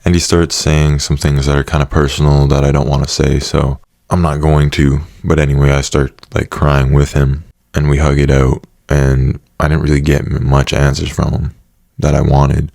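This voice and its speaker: A man's voice: a bass voice, flat delivery, normal speed, vocal fry, a little mellow, dry recording, studio quality. A young man casually telling a personal story, swearing often and laughing now and then. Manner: casual, profane, laughing asides.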